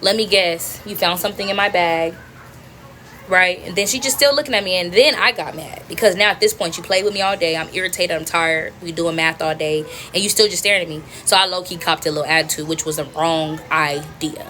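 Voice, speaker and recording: A young woman vlogger rattling through a personal story, full of slang and swearing, and talking straight to her viewers. Her voice is bright and a little high, and the pace is quick. A faint hum of background noise sits under it. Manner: animated, slangy, profane, addresses viewers as y'all.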